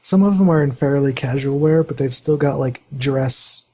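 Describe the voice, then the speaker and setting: A man narrating as game master of a tabletop role-playing game, with a halting delivery full of fillers. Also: medium pitch, dark tone, husky, poor audio. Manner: halting, many fillers, voices NPCs lightly.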